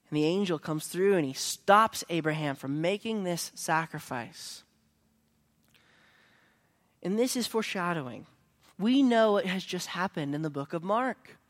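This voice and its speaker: A pastor preaches a sermon, telling a story that shifts between hushed lines and emphatic ones. His voice is on the high side, at a moderate pace.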